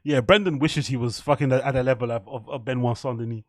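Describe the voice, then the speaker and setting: A man's voice: medium pitch, fast, dry recording, studio quality. A young man, hosting a casual live stream, reacting to chat and a fight, swearing and laughing often. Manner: excitable, swears a lot, laughs often, mock French bits.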